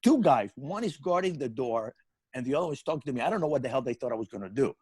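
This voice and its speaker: A middle-aged man spins a comic story on a podcast, laughing as he goes. His pitch swings widely as he tells it, and the sound is dry and close with no room around it. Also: racing, husky, dry recording. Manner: animated storyteller, laughing through his own punchlines. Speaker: comedy podcast co-host.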